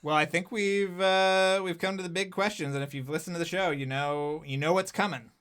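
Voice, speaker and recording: Male podcast host, slightly high voice, short questions in an easy tone. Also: fairly even intonation, a little fast, fairly bright tone, a little hiss or hum. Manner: brief questions and asides. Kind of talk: casual podcast interview.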